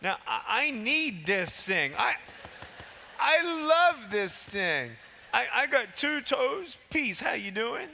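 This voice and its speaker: A man's voice: extremely high pitch, unhurried, creaky, few pauses, slight background noise. A man in his thirties giving a motivational keynote speech at a large convention, telling stories and acting out the scenes. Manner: animated storytelling, acting out scenes. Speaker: keynote speaker. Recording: long hall reverb from PA.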